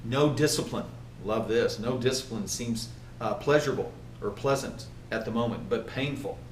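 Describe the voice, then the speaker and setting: A man giving a motivational training talk to a group, animated and often asking his listeners questions. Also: medium pitch, normal speed, a little hiss or hum. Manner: animated, asks the audience questions. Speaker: workplace trainer. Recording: echoey room from far off.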